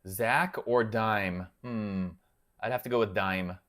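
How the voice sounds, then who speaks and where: A man's voice: fairly low pitch, steady tone, slow, fairly bright tone. A man hosting a casual livestream, chatting loosely and answering viewers by name. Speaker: guitar channel host reading live chat.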